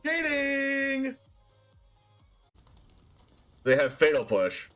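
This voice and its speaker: A man streaming a card game, giving excited commentary full of loud exclamations and laughter. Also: very high-pitched, drawn-out words, faint music behind.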